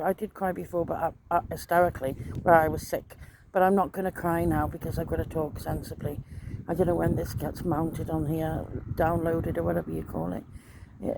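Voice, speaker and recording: A middle-aged woman talks in a distressed, rambling personal monologue, repeating herself often. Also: lowish voice. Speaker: vlogger. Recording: noisy background ambience.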